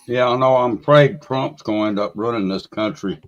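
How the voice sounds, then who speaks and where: A man from Mississippi talking in a casual group chat, plain-spoken and steady. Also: mid-range voice, fairly quick. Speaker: chat participant. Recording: dull lo-fi call audio.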